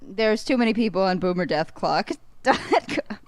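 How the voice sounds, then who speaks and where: A woman's voice: mid-range voice, normal speed, no room sound. A young adult woman, a podcast guest, talking bluntly and profanely in casual chat and laughing often.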